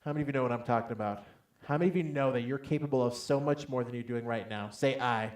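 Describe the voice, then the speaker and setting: A man giving a motivational talk from a stage to a live audience, telling a personal story with lively acted-out dialogue and calling on the crowd to answer. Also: medium pitch, fast, reverberant. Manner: animated storytelling, acts out dialogue loudly, calls for audience responses. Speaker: motivational speaker. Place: large hall on stage.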